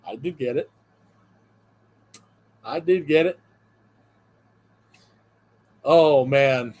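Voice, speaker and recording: A man's voice: mid-range voice, drawn-out words, a little mellow. A man co-hosting a wrestling podcast in casual chat, reading out viewer jokes with frequent chuckles and a loose, rambling delivery full of fillers. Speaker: podcast co-host.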